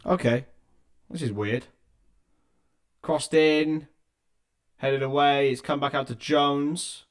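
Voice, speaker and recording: In a slow, steady, medium-pitched voice, a young man commentates a football match live for his watchalong stream. He adds conversational asides to viewers, captured by his laptop's built-in microphone.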